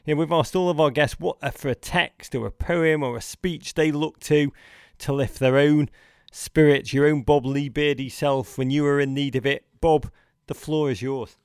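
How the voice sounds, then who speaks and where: A man's voice: on the high side, fairly even intonation, normal speed, clean tone, no room sound, studio quality. A man hosting a podcast, chatting with a guest in a playful, theatrical way. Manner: playful, theatrical turns of phrase. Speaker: podcast host. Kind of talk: casual podcast conversation.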